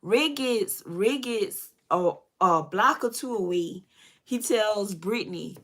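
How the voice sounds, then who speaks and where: A beauty vlogger in her thirties, with a medium-pitched, fairly bright voice and a slow pace, does her makeup while casually telling a story straight to her viewers. She's chatty, calls them y'all, and curses freely.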